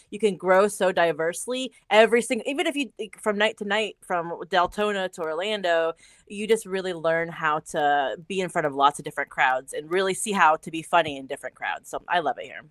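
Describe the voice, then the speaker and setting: A woman who books comedy shows talks casually and with enthusiasm on a radio program. Her voice sits at a middle pitch. It is recorded close and dry in the studio. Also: a bit bright, no room sound. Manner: upbeat, enthusiastic. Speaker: comedy show booker and stand-up comic.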